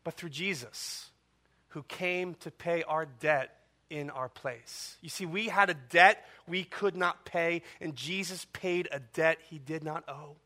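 Man, pastor, sermon, high voice, forceful, rhetorical questions, dramatic pauses.

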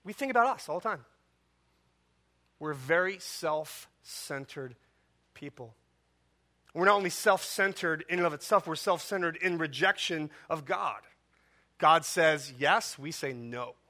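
A man preaching a sermon as pastor, impassioned and full of rhetorical questions and dramatic pauses. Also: on the high side, pushed and bright.

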